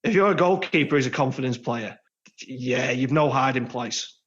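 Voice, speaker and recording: A man's voice: mid-range voice, normal speed, fairly bright tone. An English man co-hosting a football podcast in casual, jokey chat. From England. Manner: chatty, jokey, trails into laughs. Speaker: podcast co-host. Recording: slightly dull lo-fi sound.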